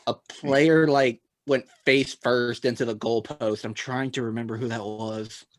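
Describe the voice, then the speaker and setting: A man's voice: mid-range voice, fairly even intonation, unhurried, dry recording. A man co-hosting a sports podcast, rambling in casual chat and laughing at his own jokes. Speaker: podcast co-host.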